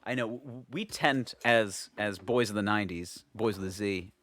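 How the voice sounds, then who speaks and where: A man's voice: fairly low pitch, normal speed, a bit bright. A man co-hosting a podcast, rambling and joking in casual chat. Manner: jokey, rambling, slips into quoted voices. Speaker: podcast co-host.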